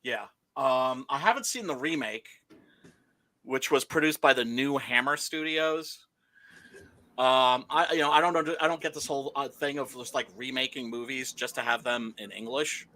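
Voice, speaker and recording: A man chatting casually about movies, swearing freely, laughing often and filling his talk with "uh" and "like". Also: mid-range voice. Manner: animated, profane, laughing storyteller with many fillers. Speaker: podcast host.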